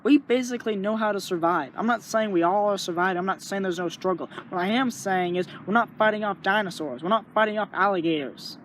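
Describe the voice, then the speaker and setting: A man's voice: high voice, fast, few pauses, a bit bright, slight background noise. A young man talking earnestly in a rambling, casual way, sharing his thoughts and acting out little inner voices. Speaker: vlogger. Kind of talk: casual spoken reflection.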